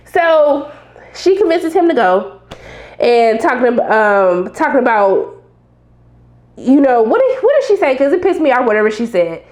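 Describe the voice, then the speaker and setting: A young woman giving a casual, animated TV episode recap, talking back sassily to the characters. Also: fairly high pitch, normal speed, roomy sound. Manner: animated and sassy, acts out reactions to the characters. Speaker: TV recap reviewer.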